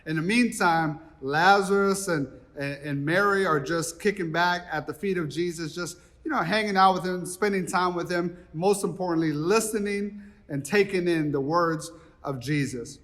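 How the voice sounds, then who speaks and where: A man's voice: sits high, normal speed, fairly bright tone, long reverb tail. A man preaching a sermon as pastor, retelling the story in a casual, conversational way and acting out the dialogue. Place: church.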